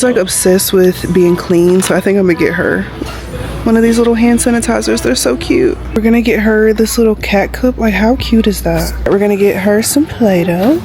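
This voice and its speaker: A woman, chatting casually in a vlog. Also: mid-range voice. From Alabama. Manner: chatty, animated storytelling with acted-out quotes. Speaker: vlogger.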